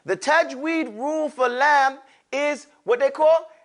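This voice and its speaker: In this classroom lesson, a man speaks at an extremely high pitch and a slow pace, his tone fairly bright. He stretches out sounds for the students to echo back, slipping in playful asides along the way during the call-and-response drills.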